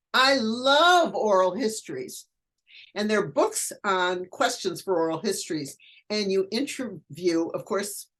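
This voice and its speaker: An older woman who is a guest educator, chatting casually in an interview and telling animated stories. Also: medium pitch. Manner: animated storyteller, acts out quoted voices.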